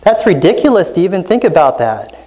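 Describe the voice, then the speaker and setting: A man's voice: high-pitched, very animated, brisk, dark tone, poor audio. A man preaching an expository sermon, teaching with frequent rhetorical questions and reading scripture passages aloud. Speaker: pastor.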